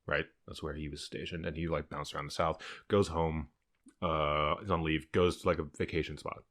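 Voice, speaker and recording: A young man co-hosting a podcast, telling stories and trading dry, deadpan asides in casual banter. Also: a bass voice, normal speed. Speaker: podcast co-host. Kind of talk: casual political banter and storytelling.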